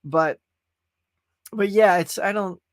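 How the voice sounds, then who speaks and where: High-voiced man gushing over a film. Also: takes it slowly, no echo, clean studio sound. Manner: gushing and emotional; rambling, restarts sentences. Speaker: pop culture podcast host. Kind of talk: casual movie review chat.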